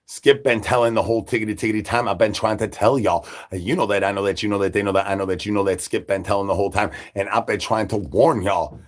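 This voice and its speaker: A man rambling through absurd nonsense banter on a comic live stream, breaking into sudden high shouted asides. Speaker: livestreamer.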